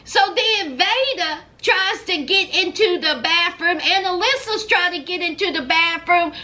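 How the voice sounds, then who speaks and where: A woman's voice: very high-pitched, a little slow, pushed and bright. A woman hosting her own channel, recapping a reality show in casual commentary, talking straight to her viewers and drawing out her exclamations. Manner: dramatic, exclaiming and drawing out words.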